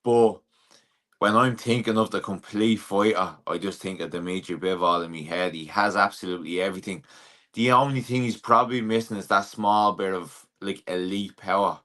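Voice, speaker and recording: A young Irish man, a professional boxer, talking through a casual interview in a relaxed, plain-spoken way with plenty of fillers. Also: deep voice, moderate pace.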